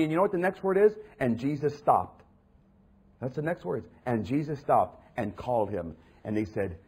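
A male pastor preaches a sermon in a husky, slightly raspy voice that sits a little high for a man. His sing-song delivery, at normal speed and a little mellow, swings widely in pitch as he reads passages aloud and acts out the people in them.

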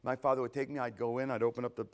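Lively man preaching a conversational sermon. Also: medium pitch, racing. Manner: animated, rhetorical questions, answers himself. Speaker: pastor.

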